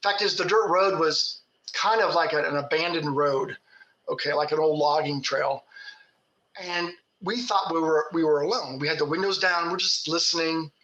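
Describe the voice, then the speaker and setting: A man's voice: fairly high pitch, moderate pace, bright, forceful tone, roomy sound, lo-fi sound. A man from Kentucky, a Bigfoot researcher, telling folksy stories with laughs in casual talk. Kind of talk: casual storytelling.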